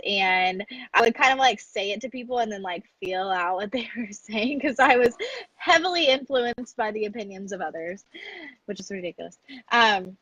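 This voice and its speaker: A woman's voice: medium pitch, normal speed, fairly bright tone, dry recording, rough recording. A woman in her thirties, a business coach for mothers, talking candidly in an interview and laughing often. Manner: candid, laughs often, acts out her own past lines. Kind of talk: casual interview conversation.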